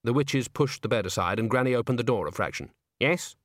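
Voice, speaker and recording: A man reading a comic fantasy story aloud in wry, measured scripted narration. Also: medium pitch, dry recording, clean studio sound. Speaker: audiobook narrator.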